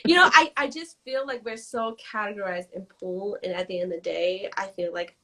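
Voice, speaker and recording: A woman guest in a casual interview, talking in quick animated bursts and acting out quoted conversations. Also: medium pitch. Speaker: guest, business strategist.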